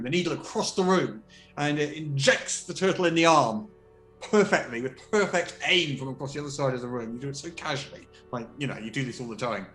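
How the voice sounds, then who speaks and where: A man running a tabletop game, his voice fairly high and swinging lively up and down. He narrates with laughs and fillers, heard in a roomy echo with faint music underneath. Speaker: game master.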